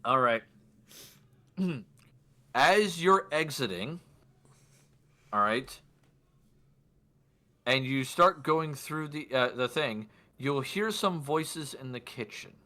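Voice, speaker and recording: A man's voice: medium pitch, expressive, slow, long pauses, pushed and bright. A man narrating a tabletop game as game master in a casual, rambling way, muttering to himself at times.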